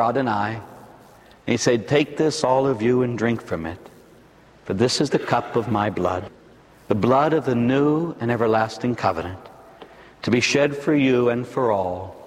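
A priest delivering a dramatic, emphatic sermon, building up to loud shouts. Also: male voice, medium pitch, long reverb tail.

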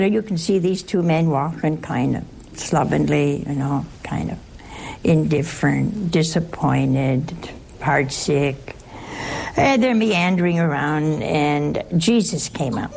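A woman's voice: low-pitched, creaky, a little mellow, a little hiss or hum, low-quality recording. A woman teaching a Bible class in a chatty, teasing way, often asking her listeners questions.

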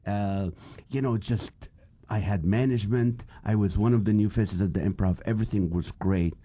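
A man's voice: fairly low pitch, normal speed, husky. A man from the Middle East in his fifties, a comedian guest telling stories in a casual interview and acting out the voices of the people in them. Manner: animated storyteller, acts out quoted voices.

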